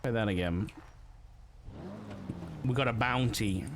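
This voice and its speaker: A man's voice: medium pitch, takes it slowly, background noise. A man streaming a police roleplay game, chatting casually with lots of fillers and swearing. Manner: rambling, swears freely, many fillers. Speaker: streamer playing a police officer.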